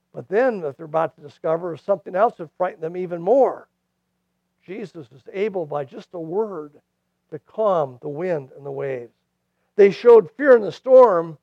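A man preaching a sermon who moves between loud, pressing emphasis and hushed, quiet lines. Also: high-pitched, no room sound, dull audio. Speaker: pastor.

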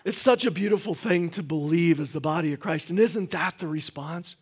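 A man's voice: on the high side, brisk, a little hiss or hum. A middle-aged man preaching a sermon in a church, folksy and joking, with lots of fillers and restarts. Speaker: guest pastor. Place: church sanctuary.

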